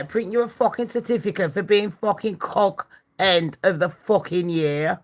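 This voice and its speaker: A woman's voice: mid-range voice, moderate pace. Foul-mouthed woman ranting at chat. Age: 40s. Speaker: livestream host. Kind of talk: live-stream rant and true-crime chat.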